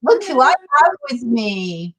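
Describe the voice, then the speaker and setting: A woman's voice: fairly high pitch, very animated, unhurried. Casual woman, live-stream host, chatty, laughs easily. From Massachusetts, USA. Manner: chatty, laughing, greets viewers by name.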